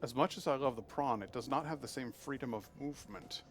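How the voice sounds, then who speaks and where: Speaking fairly quickly in a mid-range voice, this man banters with viewers while streaming a game and coos at the on-screen creatures. There's a slight hiss or hum behind him, and the talk is relaxed stream chatter as he plays.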